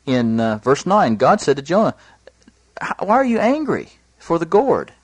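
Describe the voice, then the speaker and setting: A man preaching a sermon, earnest, lifting his voice high when he quotes scripture. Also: wildly swooping pitch, normal speed, slightly rough, no echo. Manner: earnest, rising pitch for emphasis, quotes scripture in a raised voice.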